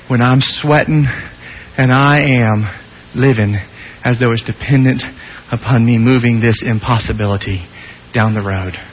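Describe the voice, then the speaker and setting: A male preacher giving a sermon with rhetorical questions, swinging between loud and hushed delivery. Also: mid-range voice, lo-fi sound, slight background noise.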